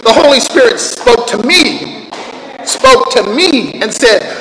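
A pastor preaching a sermon, animated, swinging from loud outbursts to quiet low reading of scripture. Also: male voice, takes it slowly, slight background noise. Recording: echoey hall with long reverb.

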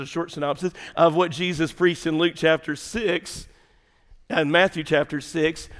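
High-voiced pastor preaching in a reverberant hall. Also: male voice. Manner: animated, conversational, swings between loud and hushed. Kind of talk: sermon.

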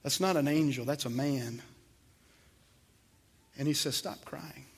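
A man's voice: medium pitch, unhurried, gravelly, slightly rough. A man preaching a sermon to his congregation, emphatic, with swells in volume and repeated words. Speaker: pastor.

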